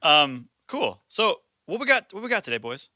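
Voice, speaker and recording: Teasing young man with a very bright voice. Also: high voice, very animated, no echo, clean studio sound. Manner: teasing, quick interjections, laughs often. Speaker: podcast co-host. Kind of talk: casual chat.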